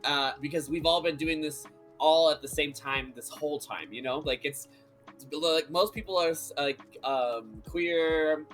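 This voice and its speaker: A man's voice: on the high side, a little slow, fairly bright tone, soft background music. A man guest in a round table chat, thoughtful and hesitant with many "uh"s. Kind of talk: casual chat.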